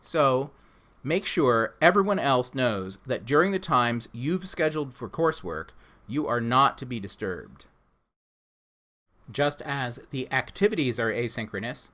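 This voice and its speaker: A man, the instructor, reading a scripted orientation for his online course in a measured, instructive way. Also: medium pitch, bright, forceful tone.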